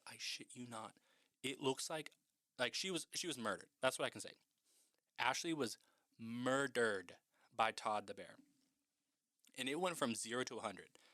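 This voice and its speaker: A man's voice: mid-range voice, a bit bright, dry recording, studio quality. A man casually recapping a horror film in a chatty, profane way, with lots of "like".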